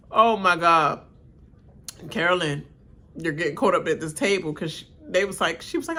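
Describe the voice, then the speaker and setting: A woman's voice: lowish voice, measured pace, long pauses, bright, forceful tone. A woman doing a live watch-along of a reality show, laughing often and acting out the cast in exaggerated voices while she rants bluntly. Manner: blunt, ranting commentary. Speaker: reality TV reaction streamer.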